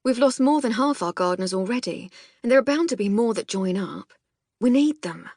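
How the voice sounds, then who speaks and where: Brief: easygoing young assistant, gentle and reassuring, a bit husky, dry close read. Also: female voice, a little high, lively intonation, a little fast, no echo, pitched above the performer's own voice. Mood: persuading. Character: kind, amused younger male assistant gardener. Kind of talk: audiobook character voice.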